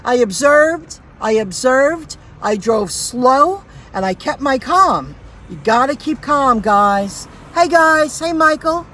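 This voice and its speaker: A woman's voice: high-pitched, lively intonation, takes it slowly, bright, forceful tone, rough recording. A woman who drives for food delivery, telling a rambling story on a casual livestream, repeating herself and restarting sentences.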